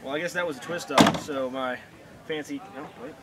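A man's voice: a little high, fairly quick. A man pouring beers for friends, playfully acting as their bartender in casual chat. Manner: playful, mock-formal. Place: outdoors at an event. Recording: loud outdoor event noise.

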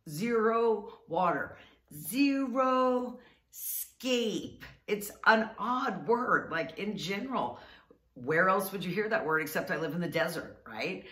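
Give me a woman vlogger telling a story to camera, animated and laughing, recorded a little far off in a roomy space. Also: low voice. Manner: chatty and animated, laughing often, drawing out words. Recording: roomy sound, mic at a distance.

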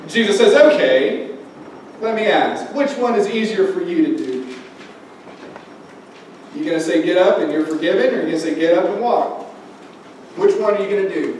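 A man's voice: on the high side, animated, normal speed, a little mellow. A male pastor preaching a sermon, building emphasis and putting direct questions to the congregation. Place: church sanctuary. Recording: very echoey church hall from far off, faint noise.

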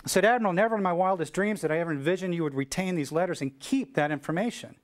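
Middle-aged american guy on stage giving a keynote, slightly high voice, acts out all the lines, yells the cheers. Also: rapid-fire. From United States. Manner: animated storyteller acting out dialogue, shouting cheers. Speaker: keynote speaker. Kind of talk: storytelling keynote speech.

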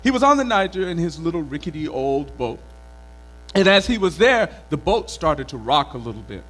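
A male storyteller from Mali telling a folk tale in an expressive, dramatic way at a live event. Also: on the high side, moderate pace, soft background music, low-quality recording. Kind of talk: oral storytelling performance. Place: country club event.

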